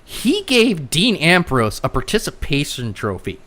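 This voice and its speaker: Animated sarcastic woman podcaster. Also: low-pitched, measured pace. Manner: animated, sarcastic, rambling with stutters. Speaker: podcast host. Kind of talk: casual wrestling chat.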